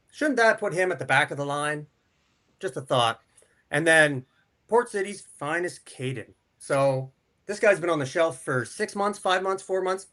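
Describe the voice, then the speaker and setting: A man's voice: fairly high pitch, a bit bright. A man calling in remotely as a wrestler, cutting an aggressive, boastful trash-talk promo. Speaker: wrestler guest. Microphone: remote call.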